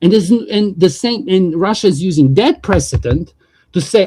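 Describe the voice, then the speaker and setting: A man's voice: sits high, animated, brisk, mellow, husky. A man hosting a livestream, talking politics in a casual, profane, rambling way.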